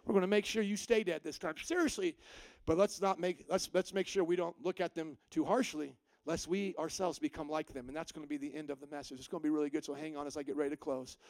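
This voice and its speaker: A man preaching a sermon, animated and full of rhetorical questions to the congregation. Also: a little high, fast, dry recording. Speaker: pastor.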